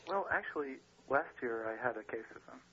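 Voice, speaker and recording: A man's voice: medium pitch, lively intonation, brisk, dull audio, crowd noise. A man calling in to a radio show, telling his story matter-of-factly and laughing now and then. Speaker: caller.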